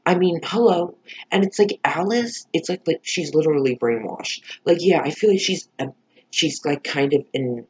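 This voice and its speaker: A man's voice: fairly high pitch, moderate pace, slightly rough, highs cut off. A man giving a casual, heated reaction review of a TV episode, swearing often and full of fillers.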